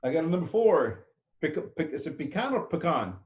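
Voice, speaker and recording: A man's voice: on the high side, lively intonation, brisk, muffled recording. Chatty male cooking instructor. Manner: chatty, tags sentences with "okay?". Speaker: culinary instructor. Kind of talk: classroom lecture. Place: classroom.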